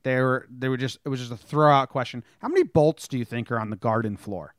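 A man co-hosting a casual sports podcast, his voice sitting mid-pitch. He rambles, trails off and restarts his thoughts. The mic is close and dry, with no room sound. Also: fast, no echo. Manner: rambling, self-interrupting. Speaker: podcast co-host.

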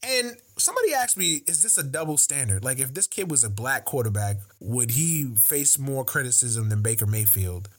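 A man's voice: mid-range voice, very animated, normal speed, few pauses. A man co-hosting a casual sports talk show, delivering an incredulous, profane rant. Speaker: podcast co-host.

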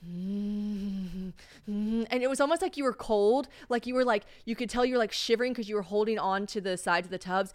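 A young woman co-hosting a podcast in casual chat, animated and acting out scenes as she tells a story. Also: medium pitch, normal speed, no echo. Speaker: podcast co-host.

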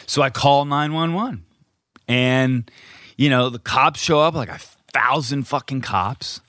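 A man's voice: medium pitch, a little slow, no echo. Dry-miked man telling a wild story. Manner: animated storyteller, acts out quotes, swears freely. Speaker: podcast co-host. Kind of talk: casual storytelling chat.

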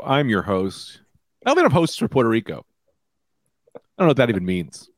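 A man's voice: medium pitch, big pitch swings, no echo, faint music behind. A man co-hosting a podcast in casual comedic chat, playful and teasing, from Sicily. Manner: playful, teasing, quick jokes. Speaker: podcast co-host.

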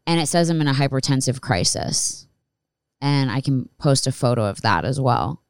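A woman's voice: a bass voice, animated, normal speed, clear, resonant tone, no room sound. A woman in her thirties telling a personal story in a candid, rambling way and swearing freely. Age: 30s. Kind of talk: casual storytelling monologue.

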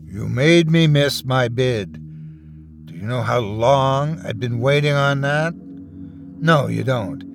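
A man voicing an unhinged, bitter customer who snarls and erupts into shouts, in a spoken horror story. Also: medium pitch, animated, takes it slowly, over music. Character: unhinged angry male customer with a revolver.

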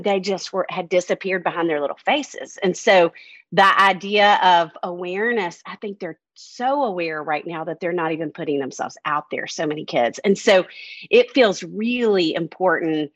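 A woman's voice: fairly low pitch, fairly bright tone, dry recording, lo-fi sound. A woman, a counselor and camp director, speaking candidly and reflectively in a podcast conversation.

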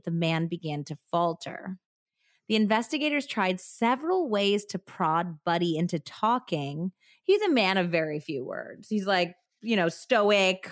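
A woman's voice: medium pitch, no echo, studio quality. A woman hosting a podcast, telling a true crime story in a casual way that often breaks into laughter. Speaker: podcast host.

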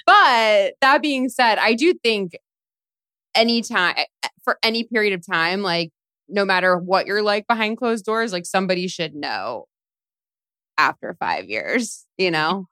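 A woman's voice: mid-range voice, animated, unhurried, sharp tone, clean tone, no echo, studio quality. A woman chatting candidly and laughing, with lots of fillers, in a casual podcast conversation.

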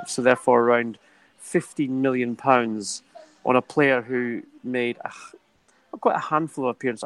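A man's voice: mid-range voice, fairly bright tone, poor audio. Chatty anecdote-telling football pundit man. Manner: chatty anecdotal storyteller, laughs often. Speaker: football transfer journalist. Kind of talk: podcast discussion.

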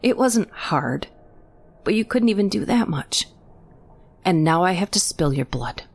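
A woman's voice: lowish voice, lively intonation, measured pace, pitched above the performer's own voice. A woman voicing a frightened, insistent young woman, who talks urgently and drops into whispers.

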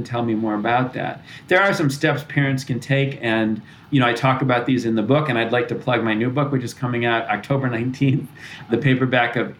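A man's voice: medium pitch, slight background noise, low-quality recording. A man answering interview questions as a parenting author, earnest and explanatory, often restarting his sentences. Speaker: author and parenting expert guest.

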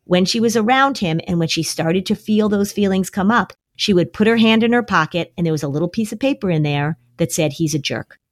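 A woman's voice: medium pitch, brisk, few pauses, no echo, clean studio sound. A woman therapist on a podcast, giving emphatic, coaching advice with lots of repetition. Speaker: anxiety therapist. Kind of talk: podcast conversation.

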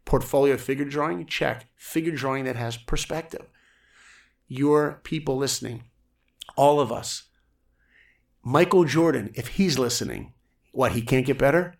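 A man telling a personal story on a podcast, energetic and acting out quotes from other people. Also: mid-range voice, unhurried, creaky, long pauses. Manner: energetic, acts out quotes in raised voices. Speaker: guest storyteller.

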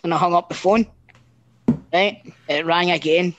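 A middle-aged Scottish man telling a long, animated story in casual chat, swearing freely and often restarting his sentences. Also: on the high side, normal speed, background noise.

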